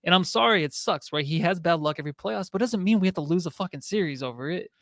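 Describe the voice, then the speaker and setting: A man's voice: on the high side, expressive, quick pace, a bit bright, no room sound, studio quality. A man co-hosting a casual sports podcast, laid-back, laughing often and swearing freely. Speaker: podcast co-host.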